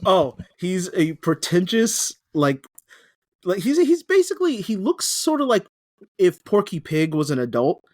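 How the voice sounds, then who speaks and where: A man's voice: sits high, huge pitch swings, measured pace, a little mellow, no echo, studio quality. A young man on a podcast, chatting casually and rambling, often restarting sentences and laughing. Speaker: podcast co-host. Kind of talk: casual chat.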